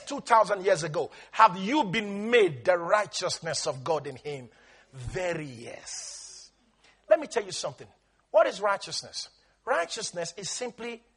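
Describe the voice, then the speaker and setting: A man preaching a sermon as pastor, emphatic and calling on his listeners to repeat after him, his delivery moving between shouting and quiet talk. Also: sits high, breathy edge. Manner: emphatic, calls on the congregation to repeat lines.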